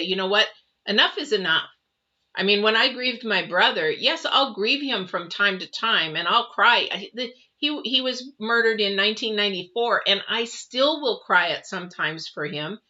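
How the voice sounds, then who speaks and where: A middle-aged woman hosts a live tarot reading in a bright, forward voice. She is earnest and repeats her points as she talks straight to the viewers. The livestream audio sounds slightly dull and lo-fi. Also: fairly low pitch. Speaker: tarot reader and livestream host.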